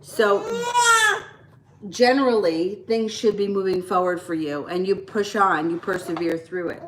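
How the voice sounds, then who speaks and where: A woman's voice: on the low side, unhurried. A woman giving a casual live tarot reading, chatty and reassuring as she answers viewers. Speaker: tarot reader. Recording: echoey room with clear background noise.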